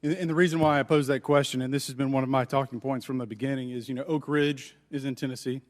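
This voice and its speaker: A man's voice: mid-range voice, fairly even intonation, quick pace, in a large hall. A man, a congressman, questioning witnesses in a formal hearing, earnest and repeating words as he starts sentences. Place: large congressional hearing room.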